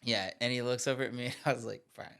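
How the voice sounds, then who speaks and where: Chuckling man with a smooth voice. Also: mid-range voice, steady tone, rapid-fire, pushed and bright. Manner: chuckling, self-mocking, jumps into the story. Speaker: podcast co-host. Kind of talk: casual storytelling chat.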